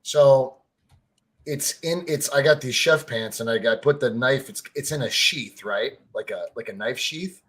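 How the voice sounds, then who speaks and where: A man co-hosting a casual sports podcast, telling stories in an animated way, swearing freely and saying "like" and "right?" a lot. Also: medium pitch, a little slow, husky. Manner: excitable, fan-to-fan talk addressing listeners as family. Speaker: podcast co-host.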